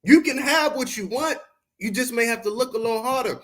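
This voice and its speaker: A man from Baltimore, speaking with a Baltimore accent, tears into his chat on a home livestream. His voice sits noticeably high. He lectures in a confrontational, profane street style with a preacher's cadence. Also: a little fast, pushed and bright. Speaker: podcast host. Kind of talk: heated livestream rant at chat.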